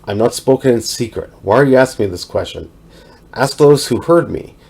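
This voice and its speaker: A man reading aloud the lines of a calm, steady male religious teacher in a scripture reading. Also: mid-range voice, creaky, breathy edge, voice pushed up. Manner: measured, plainly read quotations.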